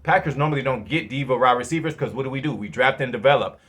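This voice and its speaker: A man hosting his own fan channel, giving casual football commentary in a profane, rambling, animated way. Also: medium pitch, fast talker. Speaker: sports fan channel host.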